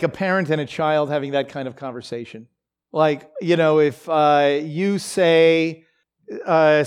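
A man preaching a devotional in a conversational way, with many fillers and frequent check-ins like "okay?" and "right?". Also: on the high side. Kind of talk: devotional teaching.

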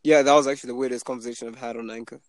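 A man's voice: steady tone, rapid-fire, dry recording, low-quality recording. A young man hosting a podcast, chatting casually and telling stories, acting out the people he quotes. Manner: storytelling, acts out the people he quotes in a higher voice. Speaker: podcast host. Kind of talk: casual chat.

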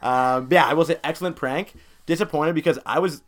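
A young man in casual podcast chat, telling a story in an animated, chatty way with lots of filler words. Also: fairly high pitch, a little fast. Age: young adult.

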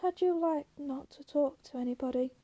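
A woman's voice: sits high, normal speed, warm tone, close to an everyday voice. A woman reading a lonely, coaxing young ranch wife. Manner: coaxing, restless, bitter.

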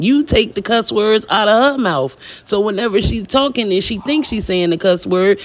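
A man with a strikingly high voice cuts in with a playful, confident answer. He talks casually, like a regular in the room having fun. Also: dry recording. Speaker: listener joining the chat. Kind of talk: casual live audio-room chat.

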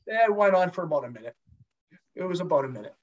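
A former pro hockey goalie telling a long, profane story as a guest in a casual chat, with lots of restarts. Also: male voice, high voice, big pitch swings, fast talker. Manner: profane, rambling anecdotes with many restarts. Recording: dull lo-fi sound.

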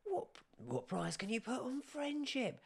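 A man's voice: extremely high pitch, sing-song, a little slow, vocal fry, slight background noise, voice pushed up, exaggerated voice. A man voicing a sly male dwarf trader who bargains and wheedles, in a tabletop game. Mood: wheedling.

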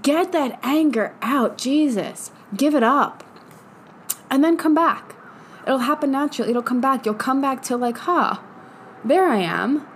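A woman's voice: high voice, moderate pace, slight background noise. A young woman hosting a podcast, giving a casual motivational monologue, swearing a lot and laughing often. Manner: profane, emphatic, laughs often. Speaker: podcast host.

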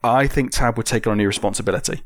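A game master guiding players through a tabletop role-play. The voice is mid-pitched and easygoing, breaking into laughter and asking questions to steer the scene. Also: rapid-fire.

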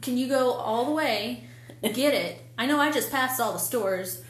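A woman's voice: a little high, normal speed, reverberant. A woman co-hosting a podcast, ranting in a heated, exasperated way with swearing. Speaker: podcast co-host. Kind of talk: casual chat.

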